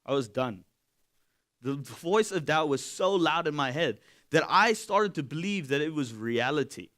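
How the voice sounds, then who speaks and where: A man giving a sermon in a candid, conversational way, swinging from loud to hushed. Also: on the high side, lively intonation, unhurried. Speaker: pastor.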